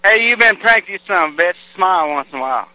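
A man's voice: high-pitched, animated, fast, pushed and bright, no echo, highs cut off. A man calling in to a web show, talking in a brash, casual way and swearing freely. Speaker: caller. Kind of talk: casual chat.

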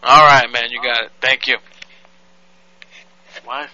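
Bright rambling web show host. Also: male voice, medium pitch, fairly even intonation, slow, no echo, lo-fi sound. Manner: rambling, many fillers and restarts. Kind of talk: casual chat.

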